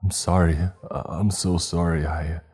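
A man's voice: sits low, little pitch movement, measured pace, mellow, husky, full character voice. A man voicing a frightened young man pleading for the voice to stop. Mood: desperate. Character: terrified young man begging.

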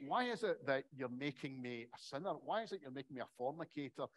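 A man's voice: medium pitch, animated, fast talker, lightly acted. A man voicing a smug, self-righteous pious churchgoer in a lecture. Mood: smug puzzlement.

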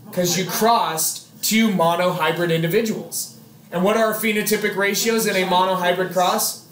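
High-voiced man teaching in an echoey classroom. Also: a bit bright, slight background noise. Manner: chatty, jokey, quizzes students. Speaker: biology teacher. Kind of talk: classroom lecture.

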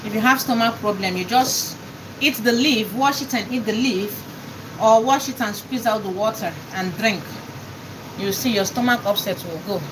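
A woman's voice: medium pitch, moderate pace, background noise. A woman with a Nigerian accent chatting casually on a live stream while she cooks, often laughing and calling out greetings to her viewers.

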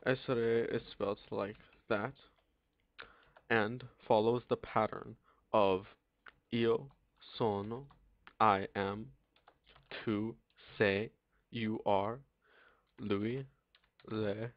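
Young male tutor, slow and halting, lowish voice, dull dry lo-fi sound with keyboard clicks. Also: fairly even intonation, no room sound. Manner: halting, many ums and pauses. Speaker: teacher. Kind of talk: casual language lesson.

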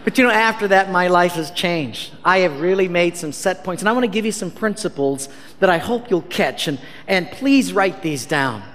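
A man preaching as a pastor, telling a story with animated, self-mocking humor and acting out the dialogue. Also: high-pitched, moderate pace, hardly any pauses. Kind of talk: storytelling sermon. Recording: reverberant hall.

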